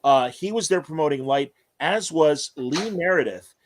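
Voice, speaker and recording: A man's voice: on the high side, expressive, normal speed, slight background noise. A man hosting a casual interview podcast, telling long rambling anecdotes full of fillers. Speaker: podcast host.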